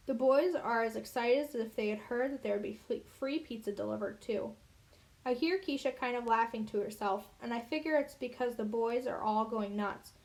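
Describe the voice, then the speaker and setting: A woman's voice: a little high, normal speed, darkish tone. Woman earnestly reading a children's novel. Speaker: audiobook reader. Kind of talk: first-person audiobook narration.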